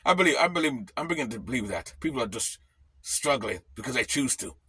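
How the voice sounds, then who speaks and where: A man's voice: medium pitch, lively intonation, fast, sharp tone, slightly rough, dry recording. A man ranting bluntly on his vlog from his camper van, swearing freely. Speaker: vlogger.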